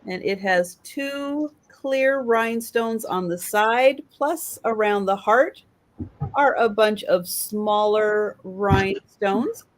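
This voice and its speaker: A woman's voice: medium pitch, takes it slowly, low-quality recording. A woman hosting a live online vintage sale, describing items and calling out bids. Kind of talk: live online sales auction.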